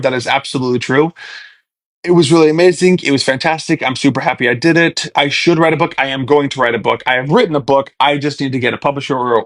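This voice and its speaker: A man's voice: medium pitch, fairly bright tone. A man in his twenties chatting casually to his followers, rambling, drifting off on tangents and restarting sentences. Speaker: social media personality answering followers. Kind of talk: casual chat straight to followers.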